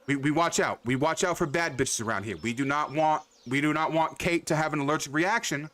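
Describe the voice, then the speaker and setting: A man's voice: a little high, brisk, a bit bright. A young man hosting a game livestream, chatting loosely with viewers by name, rambling, repeating himself and swearing freely. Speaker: livestream host. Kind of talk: casual chat with live chat.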